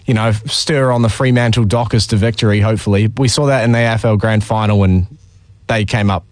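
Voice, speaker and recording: A man co-hosting a sports talk radio show, animated and full of ideas. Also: brisk, no echo. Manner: animated, pitches ideas, fillers. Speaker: radio co-host. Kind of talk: casual sports radio chat.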